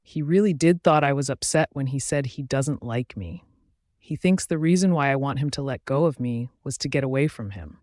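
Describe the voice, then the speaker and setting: A man reading a romance novel aloud in a steady, even first-person narration. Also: medium pitch, normal speed, no echo, studio quality. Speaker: audiobook narrator.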